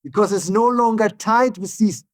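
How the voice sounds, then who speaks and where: A neuroscientist guest speaking as an English speaker, explaining ideas in calm conversation and often checking in with "yeah?". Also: male voice, high voice, no echo, clean studio sound. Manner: tag "yeah?" questions, frequent restarts, calm and deliberate.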